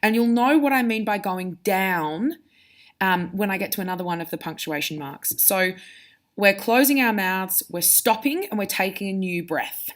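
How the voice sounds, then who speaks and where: A woman teacher giving a recorded lesson to students, explaining clearly and speaking to them directly. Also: mid-range voice, moderate pace.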